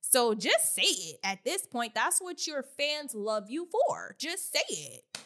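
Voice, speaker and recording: Lively, blunt woman co-host. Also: high voice, slight background noise. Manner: expressive, blunt, swearing, quick mocking asides. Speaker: podcast co-host. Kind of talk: casual commentary chat.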